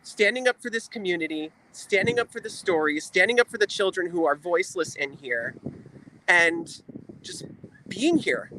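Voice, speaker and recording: A man's voice: high-pitched, bright, forceful tone, slight background noise. A man speaking as a guest on a livestream, earnest and emotional, repeating phrases for emphasis. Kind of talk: earnest heartfelt talk.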